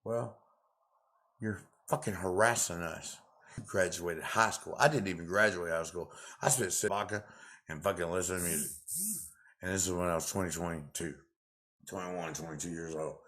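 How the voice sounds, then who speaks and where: A man ranting angrily to the camera in a profane, confrontational way, repeating himself with loud outbursts. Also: low-pitched, fairly even intonation, moderate pace.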